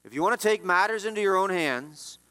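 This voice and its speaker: A man preaching a sermon as pastor, emphatic, his voice swinging between loud rises and quiet drops. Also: lively intonation, fairly quick, clear, resonant tone, in a large hall. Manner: emphatic preaching, rising and dropping in pitch and volume.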